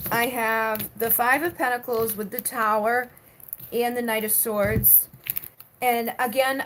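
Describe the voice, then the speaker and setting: A chatty woman gives a live-stream tarot reading, reading viewer comments aloud and talking through the cards with plenty of fillers. Her voice sits a little high. A faint hiss of noise runs under the recording. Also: fairly bright tone, poor audio. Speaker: tarot reader.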